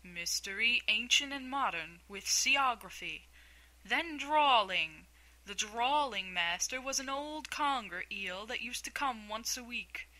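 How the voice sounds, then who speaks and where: A woman's voice: on the high side, lively intonation, slow pace, pushed and bright, full character voice, rough recording. A woman voicing the Mock Turtle, a sighing, mournful sea creature. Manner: sighing, tearful storybook delivery. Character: mournful sobbing turtle creature, sentimental and touchy. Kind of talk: storybook reading.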